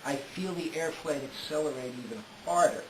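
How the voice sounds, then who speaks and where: Man telling a story in a roomy space. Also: a little high. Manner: detailed, unhurried telling with frequent "uh" fillers. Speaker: storyteller recounting a trip. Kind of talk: casual first-person storytelling. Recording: roomy with faint hiss.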